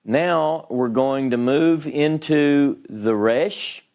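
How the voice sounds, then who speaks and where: Speaking extremely slowly, this male Hebrew teacher has a somewhat high voice with a darkish tone. His classroom lesson is for beginners, and he explains things patiently at the board step by step while checking on his students.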